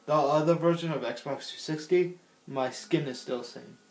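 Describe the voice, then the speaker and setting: Recorded with roomy echo, a gaming channel host gives casual gameplay commentary at a moderate pace. His voice is a little high with a darkish tone, and he rambles and giggles, talking to himself as he plays.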